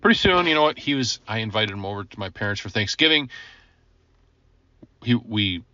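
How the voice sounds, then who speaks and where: A man's voice: on the low side, lively intonation, a little fast, bright, forceful tone, dry recording, dull audio. A man, a ministry coach, telling a personal conversion story in an earnest, chatty teaching style with frequent chuckles and asides to the listener.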